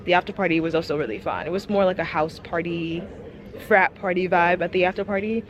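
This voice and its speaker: A young woman chatting casually to camera in a vlog, animated and laughing often. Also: on the low side, fairly quick. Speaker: vlogger.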